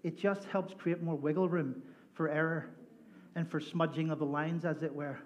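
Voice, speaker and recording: Guy pastor preaching, kinda high voice, jokey storytelling, acts out little voices. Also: normal speed, dull audio, slight background noise. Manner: animated, jokey, acts out voices in his stories. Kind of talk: sermon with storytelling. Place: church sanctuary.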